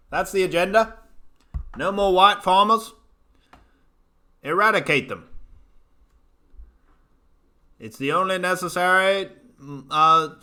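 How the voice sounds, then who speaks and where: A man putting on a heavy-handed, masculine South African accent as an angry ranter, loud and emphatic. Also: sits high, smooth, pitched above the performer's own voice, exaggerated voice. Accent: South African (put on).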